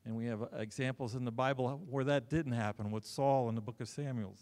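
A middle-aged man preaches in a church, his mid-pitched voice carried by a long hall reverb. He tells stories animatedly, breaking into loud bursts and quick joking asides. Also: fairly even intonation. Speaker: pastor. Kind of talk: sermon. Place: church sanctuary.

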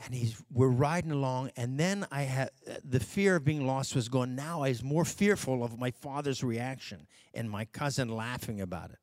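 A man preacher telling a personal story as a sermon testimony, in a folksy manner that swings from hushed to loud. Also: medium pitch, normal speed, hardly any pauses, dry recording, studio quality. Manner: folksy, with fillers and self-corrections.

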